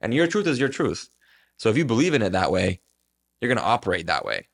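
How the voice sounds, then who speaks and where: Male guest, very deep, fry-heavy voice, thoughtful and loose, lots of fillers. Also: huge pitch swings. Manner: reflective, drawn-out phrasing with many fillers. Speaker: podcast guest. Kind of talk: casual reflective chat.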